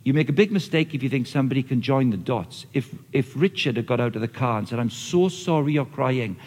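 A man preaching a lively, conversational sermon, often acting out what people say. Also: medium pitch, fast, husky. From Australia or Britain, not the audience's country. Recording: long reverb of a large hall.

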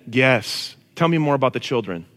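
Animated preacher in an echoing hall. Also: male voice, mid-range voice, moderate pace. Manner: casual, animated preaching with slang. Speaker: pastor. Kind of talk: sermon. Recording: long reverb of a large hall.

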